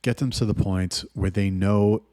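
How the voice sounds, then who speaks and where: A young man with a low voice rambles through a casual monologue, blunt and profane and full of restarts. The sound is dry and close, with no room echo. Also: steady tone, unhurried, a little mellow. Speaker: host.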